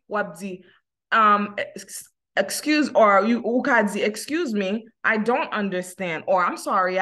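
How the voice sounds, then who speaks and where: A woman with a Haitian accent teaching an English class online, slowing down to model simple phrases. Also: mid-range voice, a bit bright. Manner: switches between Haitian Creole and English, slows down to model phrases. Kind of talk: online language lesson.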